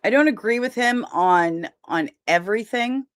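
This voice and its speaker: A woman's voice: medium pitch, expressive, moderate pace. A young woman hosting a casual livestream, chatting and greeting viewers by name, with easy laughs. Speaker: livestream host.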